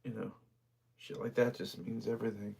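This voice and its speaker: A low, gravelly-voiced man hosts a livestream auction, talking casually with his viewers. His voice is husky and rough, and he sounds emotional and near tears as he thanks people by name. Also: level tone, moderate pace, darkish tone.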